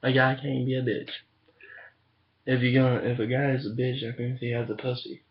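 A man's voice: medium pitch, little pitch movement, a little fast. A man chatting crudely on a webcam, cursing and rambling. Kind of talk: casual chat. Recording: dull lo-fi webcam audio.

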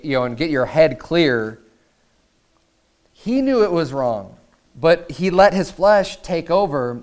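A man's voice: fairly high pitch, clear, resonant tone. A male pastor preaching a sermon in a conversational way, often repeating words as he paraphrases scripture.

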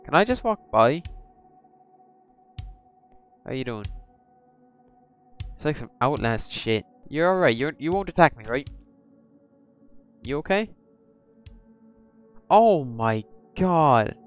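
A man's voice: a little high, sing-song, slow, long pauses, smooth, faint music behind. A man hosting a horror game let's-play, jumpy and swearing, chatting to the characters on screen. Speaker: gaming channel host.

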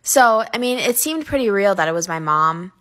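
A woman's voice: mid-range voice, animated, normal speed, fairly bright tone. Woman earnestly telling a spooky story.

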